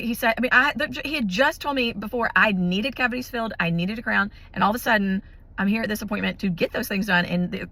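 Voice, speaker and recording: A woman, casually telling a personal faith story to her viewers, chatty and full of restarts. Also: medium pitch. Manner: chatty, animated, many restarts and fillers. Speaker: vlogger sharing a testimony.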